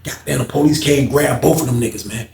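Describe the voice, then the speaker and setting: Here a gravelly, mid-range male voice races through a story about his time in prison, packed with slang and swearing. He animatedly performs the voices of the other people involved for his audience, and the room echoes noticeably.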